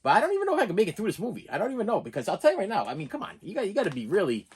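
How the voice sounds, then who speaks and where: Rambling, excitable middle-aged man. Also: high-pitched, very fast, husky. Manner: rambling and excitable, with many repeated words and restarts. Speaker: movie unboxing channel host. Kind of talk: casual unboxing chat.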